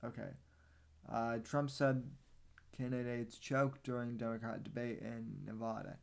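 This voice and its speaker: A man hosting a podcast, giving casual political commentary in a meandering, halting way with sarcastic asides. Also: medium pitch, flat delivery, vocal fry, clear, resonant tone. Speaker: podcast host.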